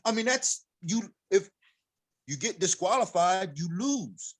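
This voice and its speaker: A man with a fairly high voice, guesting on a podcast as an MMA coach in casual conversation. His pitch swings up and down as he gets fired up, arguing with heat and emphasis and breaking into laughter. He's expressive and speaks a little slowly.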